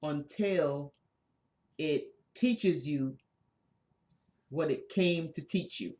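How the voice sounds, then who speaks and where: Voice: mid-range voice, drawn-out words, a little mellow. Emphatic co-host in a spiritual chat. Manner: emphatic, repetitive, preacher-like.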